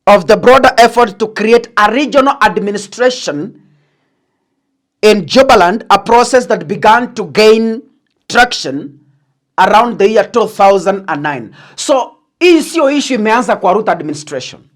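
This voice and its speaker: A woman with a Kenyan accent giving a political analysis monologue, deliberate and emphatic, slipping into Swahili phrases. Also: mid-range voice, lively intonation. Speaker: political commentator.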